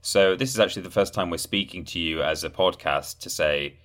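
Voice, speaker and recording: A man co-hosting a video game podcast, chatting casually with dry, deadpan jokes. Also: sits low, fairly quick. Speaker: podcast co-host. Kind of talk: casual chat.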